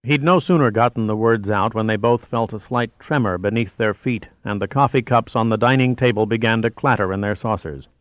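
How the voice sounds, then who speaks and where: A man narrating an audiobook in a low, steady reading voice. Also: a little fast, few pauses, no echo, highs cut off. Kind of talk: scripted narration.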